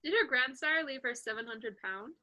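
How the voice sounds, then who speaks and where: An eager young country gentleman, read by a woman in a slightly high, very bright and sharp voice. The playful, quick delivery keeps it sounding like a casual reading among friends. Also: lively intonation. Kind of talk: casual amateur play reading.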